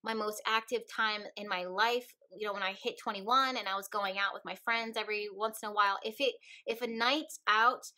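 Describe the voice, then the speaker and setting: A woman's voice: medium pitch, fairly even intonation, a little fast, hardly any pauses, pushed and bright, low-quality recording. A young adult woman vlogging about her witchcraft shop, speaking earnestly and chattily straight to her viewers. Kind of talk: casual talk to camera.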